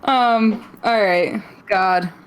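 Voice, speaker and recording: A woman's voice: medium pitch, drawn-out words, clean tone, low-quality recording. Teasing woman recapping a match. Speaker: podcast co-host. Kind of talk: casual chat and match recap.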